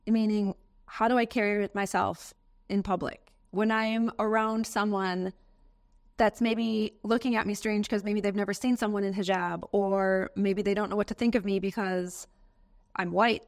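A woman's voice: mid-range voice, flat delivery, normal speed. An American woman in an interview, telling a personal story in an earnest, emotional way. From United States. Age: adult, has a daughter.

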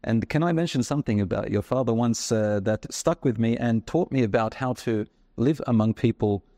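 A man hosts a sit-down interview in a studio. He talks in a warm, storytelling way, full of fillers and small restarts. His voice has a middling pitch, and the recording is dry and close. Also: normal speed, no room sound. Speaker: host. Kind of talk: interview conversation. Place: studio in Melbourne.

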